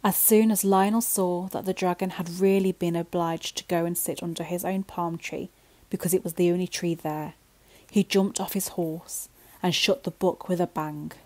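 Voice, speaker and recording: Mellow, low-voiced woman reading a bedtime story. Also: fairly even intonation, moderate pace, low-quality recording.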